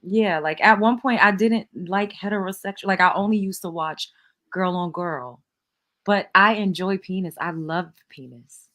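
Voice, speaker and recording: A woman hosting a casual late-night chat in her low, relaxed night voice. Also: normal speed. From New York. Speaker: host.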